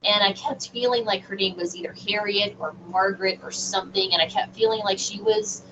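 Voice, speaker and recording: A woman guest on a radio show, telling a personal story in an animated, halting way with many fillers. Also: mid-range voice, vocal fry. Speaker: guest medium. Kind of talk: casual storytelling in a radio interview. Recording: distant, dull lo-fi sound with faint noise.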